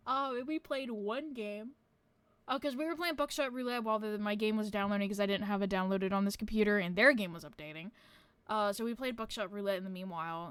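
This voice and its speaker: A woman's voice: mid-range voice, clean tone, no room sound. A woman streamer chatting casually to her viewers, rambling with lots of fillers and casual swearing.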